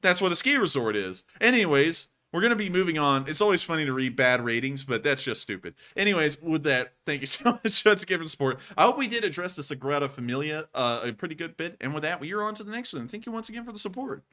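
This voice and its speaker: Sarcastic male host, bright ringing voice, animated reactions. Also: on the high side, fast talker, hardly any pauses. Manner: sarcastic, animated, mocking voices when reading. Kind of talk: casual chat reading reviews and super chats.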